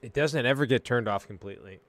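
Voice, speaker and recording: A man chatting casually as host, rambling and swearing as he muses, drifting between mumbles and loud rants. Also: mid-range voice, quick pace. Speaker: streamer host. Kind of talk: casual stoned-sounding philosophical chat.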